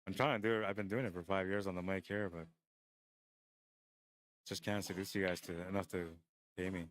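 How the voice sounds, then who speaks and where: A man with a deep, just-woke-up voice, rambling and joking as he runs a pool tournament stream and calls the shots, short on sleep. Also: steady tone, a little fast, a bit bright. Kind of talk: casual live-stream commentary.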